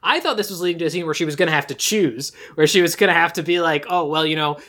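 A young woman co-hosting a casual podcast, telling a movie scene as an animated story and acting out the characters' lines. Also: low-pitched, fast talker. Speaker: podcast co-host. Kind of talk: casual chat recapping a movie.

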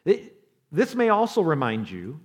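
A man preaching a sermon as pastor, telling stories with animation, acting out quoted voices and dropping to a quiet, slow delivery for emphasis. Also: fairly high pitch, huge pitch swings, slightly rough.

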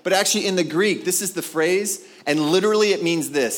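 A man preaching a sermon, animated and conversational, acting out scripture scenes with playful voices. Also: high-pitched, a little fast. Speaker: pastor.

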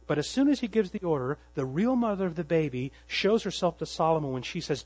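A man preaching in a high, husky voice, recorded close and dry. He tells the story dramatically, pushing some phrases out loudly and dropping others almost to a murmur. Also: animated, fast talker, hardly any pauses, no room sound, rough recording. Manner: dramatic storytelling, swinging from loud emphasis to hushed tones. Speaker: pastor. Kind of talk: expository sermon.

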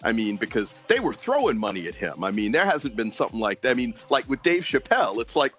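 A man chatting casually on a podcast, wandering from point to point with plenty of "you know" and "I mean". His voice moves lively up and down in pitch. Faint music sits underneath. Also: fairly quick, hardly any pauses. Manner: rambling, digressive, many fillers. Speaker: podcast co-host. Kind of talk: casual chat.

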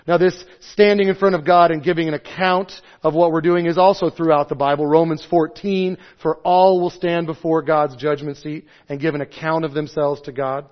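A man in his thirties or forties preaching a sermon, stressing points loudly and then dropping to soft, low asides. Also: fairly even intonation, normal speed, hardly any pauses. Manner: emphatic, swings between loud stresses and soft low asides. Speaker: pastor. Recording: dull lo-fi sound.

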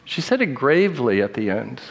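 Middle-aged male preacher running a quiz sermon, mid-pitched, playful, long hall echo. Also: sing-song, creaky. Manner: joking quiz-master, slows for read quotes.

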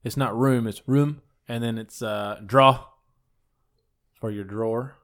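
A man's voice: mid-range voice, steady tone, slow, a bit bright. A man co-hosting a podcast, making dry jokes in casual chat with friends. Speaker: podcast co-host.

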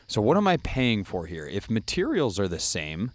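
A man's voice: on the low side, wildly swooping pitch, normal speed, no echo. A man from Connecticut co-hosting a casual chat, ranting with strong opinions. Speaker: podcast co-host.

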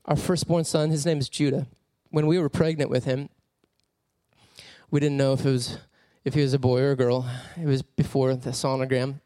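A man preaching a sermon as a personal story, animated and laughing often as he tells it. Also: mid-range voice, moderate pace, no room sound, clean studio sound.

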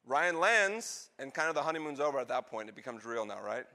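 A man preaching, telling a story and acting out the lines of its characters in an animated way. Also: mid-range voice, brisk. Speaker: pastor. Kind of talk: sermon storytelling.

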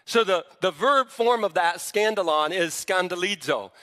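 A man's voice: sits high, normal speed, bright, forceful tone, long reverb tail. A male pastor preaching a sermon with emphasis, often restarting his words mid-phrase.

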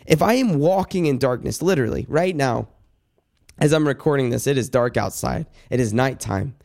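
A man giving an earnest, personal Bible devotional, talking in a halting way with many restarts and asides addressed to God. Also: mid-range voice, lively intonation, creaky, a little mellow. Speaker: devotional speaker. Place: indoors at night.

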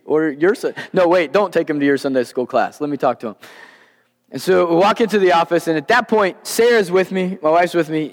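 Animated male pastor in a reverberant hall. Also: a little high. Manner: animated, acts out quoted dialogue. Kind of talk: storytelling sermon. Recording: long reverb of a large hall.

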